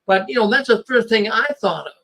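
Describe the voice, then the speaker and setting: A man's voice: high-pitched, lively intonation, a little fast, gravelly, fairly bright tone, rough recording. A man, the host, talking in a casual conversation, emphatic and often repeating his first words.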